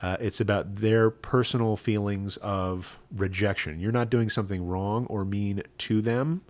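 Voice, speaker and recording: A rabbi tells a personal story in a low-pitched voice. He speaks earnestly and conversationally, often checking in with the listener. The sound is close and dry. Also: steady tone, a little slow, no echo.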